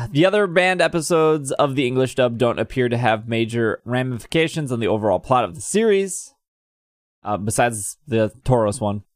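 A man's voice: mid-range voice, expressive, moderate pace, dry recording, clean studio sound. A man co-hosting a casual podcast, reading out news and figures in a loose, slightly scattered way. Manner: reads figures out, a bit scattered. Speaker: podcast co-host. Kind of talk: casual chat.

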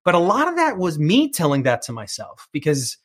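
Speaking fairly quickly in a fairly high, slightly rough voice with huge pitch swings, a middle-aged TV presenter and film critic is interviewed about his career. He has a New York accent and comes from New York, United States. He is earnest and tends to repeat words as he begins a thought.

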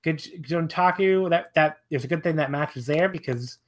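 A man co-hosting a wrestling podcast, talking in a rambling, casual way, his voice jumping high when he gets exasperated. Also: moderate pace.

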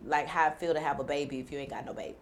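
Woman interview guest, low-pitched, candid and rambling. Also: fairly even intonation, racing, slight background noise. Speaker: entrepreneur guest.

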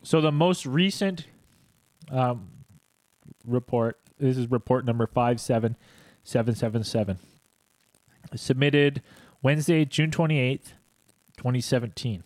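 A man's voice: medium pitch, unhurried, pauses often, darkish tone, no room sound. Young male co-host, playful reader, dry recording. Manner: jokey, hams up animal noises. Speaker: podcast co-host. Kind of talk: casual chat, reading a report aloud.

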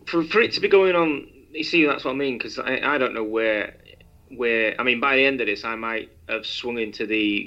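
A man's voice: mid-range voice, sharp tone, muffled recording. A man co-hosting a podcast, speaking hesitantly with lots of fillers in casual chat. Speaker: podcast co-host.

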